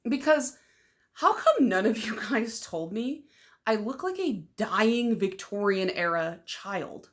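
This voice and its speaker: A young woman from Michigan chatting casually in a nail polish vlog. She rambles with lots of "like" fillers, is excitable and loud, and laughs often. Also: medium pitch, takes it slowly.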